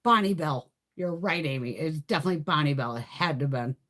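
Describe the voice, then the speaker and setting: A middle-aged woman hosting a beauty livestream, telling stories in a loose, animated way, swearing freely and laughing often. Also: low voice, fast. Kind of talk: casual chat.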